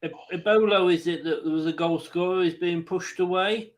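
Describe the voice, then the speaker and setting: A man hosting a football watchalong, giving excitable casual commentary on the match and laughing easily. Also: high-pitched, normal speed. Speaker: watchalong host.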